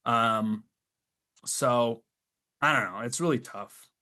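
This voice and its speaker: A middle-aged man, a creature puppet maker, talking as a guest in a casual podcast chat, telling stories in an animated, exasperated way. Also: medium pitch, takes it slowly.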